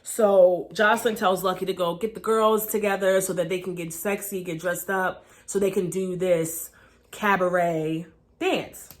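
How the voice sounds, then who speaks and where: A woman's voice: lowish voice, fairly even intonation, a little slow. A woman recapping a reality show in a chatty, gossipy, profane way, filming herself at home on a camera. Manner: chatty, gossipy, profane, lots of "you know". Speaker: TV show reviewer. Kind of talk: casual recap vlog. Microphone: camera mic.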